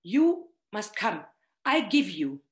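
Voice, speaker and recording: A kind older gardener man speaks in halting broken English, as a woman quotes him in her story. The words come slowly, ringing in a roomy echo. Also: a little high, sing-song. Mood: earnest.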